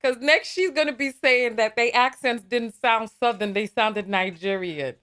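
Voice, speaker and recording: A woman's voice: fairly high pitch, a little slow, fairly bright tone. A woman hosting a live call-in talk show, laughing often and sounding exasperated.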